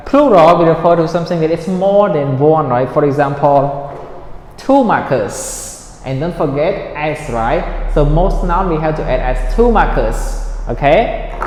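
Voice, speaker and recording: A man teaching a recorded grammar lesson for children, speaking slowly and patiently, drilling words and ending points with "right?". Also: on the high side, darkish tone. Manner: slow, patient, drills words and repeats them; ends points with a checking "right?". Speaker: English teacher. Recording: roomy echo, long reverb, faint noise.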